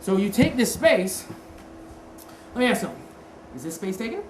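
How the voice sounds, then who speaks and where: A woman's voice: medium pitch, normal speed. Lady instructor quizzing her class, echoey room, noisy background. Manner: conversational, quizzes the class, self-correcting. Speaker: martial arts instructor. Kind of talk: hands-on seminar teaching. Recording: roomy echo with steady background noise.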